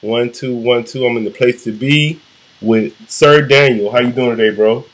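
A man's voice: medium pitch, normal speed. A man hosting an interview podcast, asking friendly, slangy questions. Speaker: podcast host. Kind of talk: casual interview.

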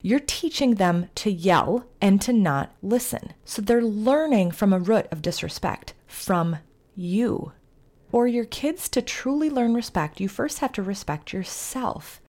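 A middle-aged woman hosting a podcast, giving calm, earnest, faith-based parenting advice in an instructive way. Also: mid-range voice, a little slow. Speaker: podcast host, family therapist.

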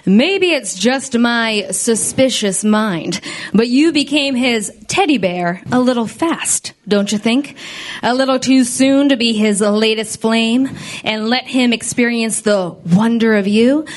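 A woman narrating as a hardboiled, wisecracking female detective in a comedy radio play, deadpan and full of puns. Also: fairly high pitch, slow pace.

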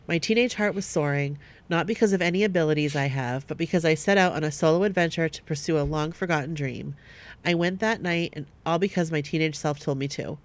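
A woman co-hosting a podcast, reading listener stories aloud at a steady pace and breaking off now and then to chat with her co-host. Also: low voice, a little fast.

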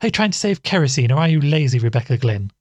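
A man reading a storybook voices an impatient, sharp-tongued woman who scolds her sisters peremptorily. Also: on the high side, animated, normal speed, slightly rough, no echo, pitched above the performer's own voice. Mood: scolding.

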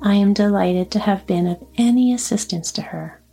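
A woman's voice: mid-range voice, moderate pace, gravelly, dark tone, breathy edge, soft background music. A woman voicing a polite, secretive man in a storybook reading. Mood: courteous. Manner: polite, reserved. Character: courteous, secretive dark-haired man.

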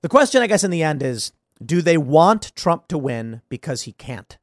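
An animated man rants through casual political commentary, his pitch leaping around and sitting a touch higher than usual. He is sarcastic and swings from loud bursts to mumbled asides, all in a dry, close-miked sound. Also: normal speed, no room sound. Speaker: podcast host.

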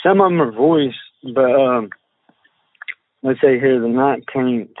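A man speaks over a tinny phone line, his voice dry and close with no room around it. He talks in a halting drawl, full of fillers and restarts, as he reads old text messages aloud. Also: mid-range voice, dry recording. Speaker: witness on a phone call.

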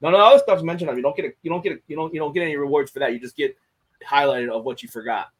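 A man's voice: fairly high pitch, very fast, breathy edge, rough recording. A man chatting candidly on a podcast, swearing freely and restarting his sentences as he thinks. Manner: candid and profane, repeats words while thinking. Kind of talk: casual podcast chat.

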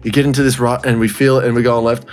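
A man's voice: medium pitch, level tone, quick pace, soft background music. A man co-hosting a podcast, telling a story in casual chat, laughing often and swearing freely. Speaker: podcast co-host.

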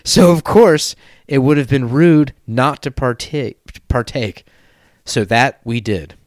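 A man's voice: mid-range voice, lively intonation, takes it slowly, no echo. Man reading a story aloud, dry sound. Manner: reads aloud with laughs and crude asides. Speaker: podcast host reading a listener story. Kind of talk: casual podcast chat.

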